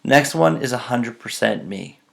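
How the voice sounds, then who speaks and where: A man's voice: medium pitch, animated, unhurried, gravelly, a bit bright. A man telling self-mocking personal stories in a casual, dramatic way. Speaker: storyteller.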